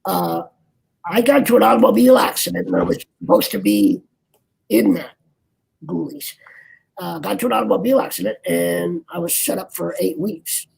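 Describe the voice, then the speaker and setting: An older man, an actor guest, chatting in an interview over a video call with a gravelly voice, rambling and restarting his sentences. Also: sits high, a little mellow, low-quality recording. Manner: rambling, halting, many restarts. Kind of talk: casual interview chat.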